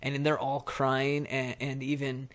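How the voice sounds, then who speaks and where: Animated young man retelling a movie. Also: mid-range voice, measured pace. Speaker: podcast co-host. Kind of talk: casual chat.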